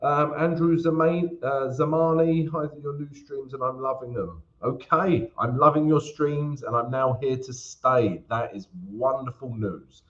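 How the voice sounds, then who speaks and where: A man's voice: mid-range voice, a little slow, hardly any pauses, dull audio. A man hosting a casual live-stream Q&A about trading, chatty and greeting viewers by name, calling them guys and mate.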